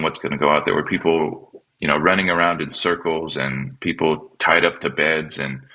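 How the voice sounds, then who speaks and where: A man, a pastor and podcast guest, telling his personal story in a halting, reflective way and often repeating words as he restarts. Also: very deep voice, bright, forceful tone, highs cut off. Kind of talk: personal testimony in conversation.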